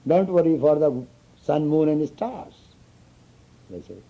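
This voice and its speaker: A man's voice: a little high, unhurried, mellow. A man giving an informal spiritual talk to students, telling stories and often asking if they understand. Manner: storytelling, chuckling, asks listeners "you understand?". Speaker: spiritual teacher. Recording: dull lo-fi recording.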